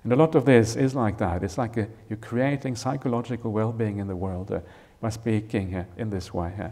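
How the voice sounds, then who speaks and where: Gentle, mellow-voiced male monk teaching. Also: lowish voice. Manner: unhurried, gentle, with frequent "uh" fillers and "right?" checks. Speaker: Buddhist monk teaching a retreat. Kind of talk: Dharma talk explaining a scripture. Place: retreat hall.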